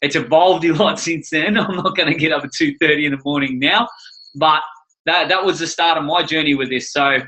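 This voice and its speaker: A man's voice: a little high, brisk, pushed and bright, poor audio. A man co-hosting a coaching course livestream, upbeat and jokey, talking in a rambling way. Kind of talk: casual livestream chat.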